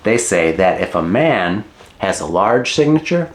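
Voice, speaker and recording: A middle-aged man gives a relaxed English lesson, his voice sitting on the lower side. He talks slowly and deliberately, repeating key words and slipping in jokey asides. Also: a little hiss or hum. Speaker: English teacher.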